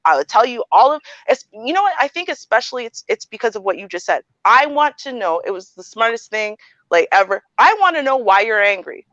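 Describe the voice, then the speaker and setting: A woman co-hosting a podcast, talking emphatically and quickly in casual chat, her voice rising when she presses a point. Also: a little high, big pitch swings, no echo, muffled recording. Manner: emphatic, fast, rising to near shouts. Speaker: co-host.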